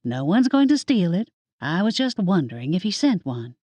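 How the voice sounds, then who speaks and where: A calm witch teases the others in a dry, wry tone, as a woman narrator plays her. Her voice sits low but moves expressively. The sound is dry and close. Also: moderate pace, no room sound. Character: wry middle-aged witch, calm and teasing.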